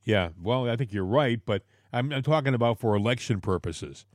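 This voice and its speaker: A man's voice: mid-range voice, expressive, normal speed, dry recording, clean studio sound. A man co-hosting a political talk show, emphatic and repeating words as he argues.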